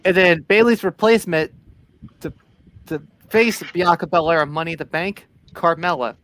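A man co-hosting a podcast, reading out results from notes in a steady, announcer-like way. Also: fairly high pitch, moderate pace. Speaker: podcast co-host reading news.

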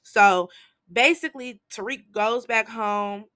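Woman host, casual show recap, lively slangy storyteller, bright tone. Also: on the high side, takes it slowly, clean tone, dry recording. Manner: animated storytelling with slangy asides. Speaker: TV episode recapper.

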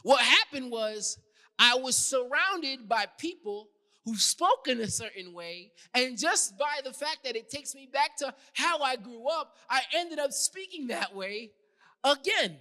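A man from New York preaching a sermon as a ministry leader, swinging from loud emphatic lines to quiet asides. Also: very high-pitched, animated, a little slow. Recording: long hall reverb.

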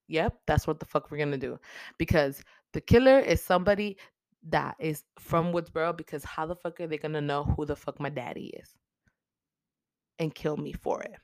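A woman's voice: deep voice, moderate pace, no echo. A young woman giving a casual, profanity-heavy movie recap, acting out the characters' lines. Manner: animated, heavy swearing, acts out characters' lines. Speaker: podcast host recapping a movie.

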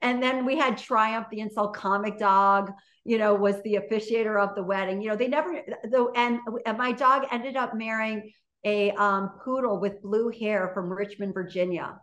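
A woman's voice: mid-range voice, fairly even intonation, moderate pace, a bit bright. A woman, a guest on an interview show, telling a story in a chatty, casual way full of "you know" and "like".

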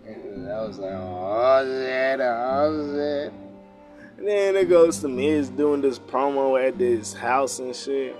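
A man's voice: mid-range voice, a little slow, hardly any pauses, over music. A young man recapping a wrestling show in loose, slangy, profanity-heavy casual talk. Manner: slangy, loose storytelling, frequent cursing.

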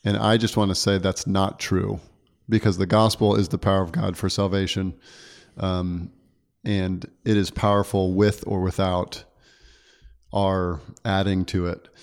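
A low-voiced man who preaches, chatting casually about his last sermon. He talks earnestly, circles back to correct himself and laughs easily along the way. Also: flat delivery, measured pace, gravelly. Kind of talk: casual church podcast chat.

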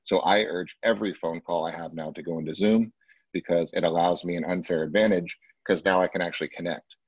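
A man's voice: low voice, steady tone, brisk, breathy edge, no echo, highs cut off. A man training a sales team, talking emphatically and casually and often checking in with the group. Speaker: real estate sales trainer. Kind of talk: live sales training session.

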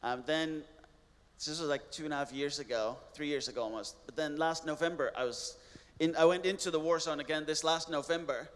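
A man, a missionary guest, telling a personal testimony in an earnest way, with halting restarts. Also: a little high, big-room sound.

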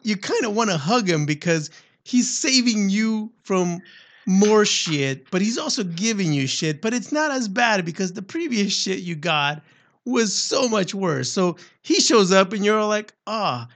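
A man casually telling a lively, profane story with frequent laughter. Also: high-pitched, unhurried. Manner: animated, swearing, laughs while telling stories. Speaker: former Marine recruit.

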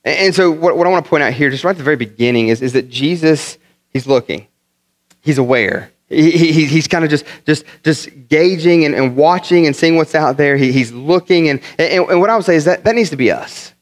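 A pastor from the northern United States preaching a sermon, telling funny stories in an animated way and often repeating his words. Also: fairly high pitch, a little fast. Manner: animated, humorous storytelling with many repeated words.

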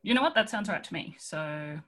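A woman co-hosting a casual film podcast, talking in a relaxed, agreeable way and thinking aloud as she goes. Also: low voice, fairly quick. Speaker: podcast co-host. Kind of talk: casual film discussion chat.

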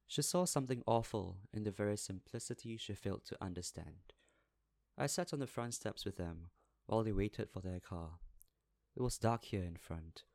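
Brief: male audiobook narrator, low voice, measured, dry close recording. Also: gravelly, a little mellow, no room sound. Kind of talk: scripted narration.

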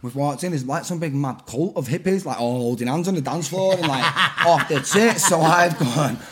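A man in his thirties with a Manchester accent, telling rowdy stories on a podcast, animated and laughing as he acts out voices. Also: a little high, normal speed. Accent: Mancunian. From Manchester, England. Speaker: podcast guest, rapper. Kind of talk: casual storytelling chat.

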